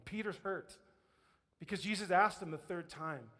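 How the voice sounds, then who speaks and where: Man, pastor, sermon, high voice, lively storytelling, long hall reverb. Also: normal speed. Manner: animated storytelling, acts out voices, laughs often. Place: church sanctuary.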